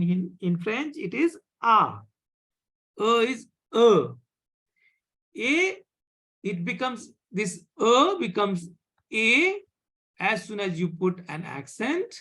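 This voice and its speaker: A teacher with an Indian accent giving a live online French class, speaking slowly, repeating words and checking with "right?". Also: medium pitch, husky. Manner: slow, repeats words, asks "right?" often.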